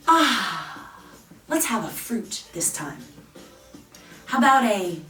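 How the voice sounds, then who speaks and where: A woman's voice: mid-range voice, big pitch swings, pushed and bright, far from the mic. Woman guiding a face exercise class. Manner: encouraging, slow guiding cues. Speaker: fitness instructor. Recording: roomy, off-mic with faint music.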